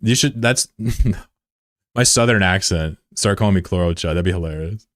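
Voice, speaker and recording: A man streaming live, chatting bluntly and profanely with viewers, swinging between loud outbursts and low mutters. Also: normal speed, no room sound, clean studio sound. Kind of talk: casual live-stream chat.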